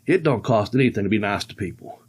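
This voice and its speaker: A man's voice: lowish voice, animated, fast talker, husky, voice pushed down. A man in his sixties quoting a kind, easygoing male wrestler in a near-everyday voice. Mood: kindly.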